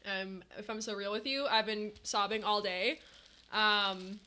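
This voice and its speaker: A woman live streaming to chat, talking casually and excitably, laughing often and swinging between giddy and teary. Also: mid-range voice, a little slow, slight background noise. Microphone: headset.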